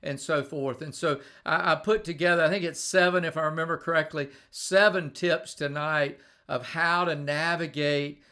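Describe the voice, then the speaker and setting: A middle-aged man talks through leadership tips on a live stream, in a bright, forceful voice that sits a little high for a man. He speaks conversationally, tells stories and often restarts or doubles his words. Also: steady tone, moderate pace. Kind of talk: live-streamed motivational talk.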